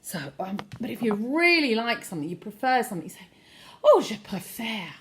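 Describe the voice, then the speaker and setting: A woman leads a French lesson for children, modelling words and pausing for the listener to repeat them. Her pitch leaps around very expressively as she acts out different intonations. She praises each attempt warmly and brightly. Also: a little hiss or hum. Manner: encouraging, repeats phrases for the listener to echo; very animated pitch, plays with intonation. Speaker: French teacher.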